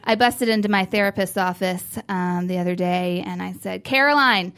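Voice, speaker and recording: A woman's voice: fairly low pitch, steady tone, normal speed, smooth. A young woman doing a stand-up set, laughing between jokes and stretching out her punchlines. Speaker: stand-up comedian.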